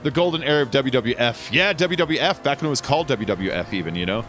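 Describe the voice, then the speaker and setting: A man's voice: mid-range voice, lively intonation, quick pace, a bit bright, faint music behind. A man in his thirties livestreaming a game from home, chatting casually and rambling, swearing now and then. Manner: rambling, laid-back, swears often. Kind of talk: casual livestream chat while gaming.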